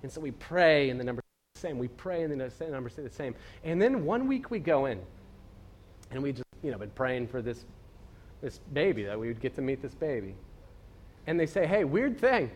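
A man's voice: medium pitch, lively intonation, brisk, darkish tone. A young adult man preaching in a casual, storytelling way, full of fillers and asides. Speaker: pastor. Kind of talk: conversational sermon.

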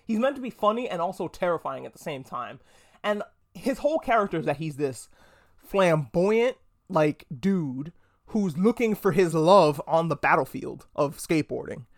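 A podcast host giving a casual, excitable pop culture review, swearing freely and restarting words. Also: medium pitch. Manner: excitable, gushing.

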